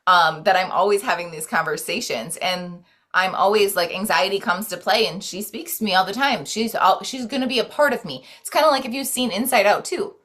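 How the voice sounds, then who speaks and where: Her voice is medium-pitched and fairly bright as she chats as a podcast guest about self-care and spirituality. Casual and earnest, she rambles, dropping many "like"s and restarting sentences.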